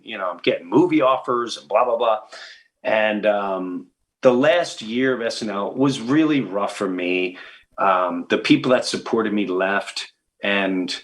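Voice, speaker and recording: A middle-aged man, a comedian guest, telling stories in a podcast interview and acting out the people he quotes with big pitch jumps. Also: fairly bright tone.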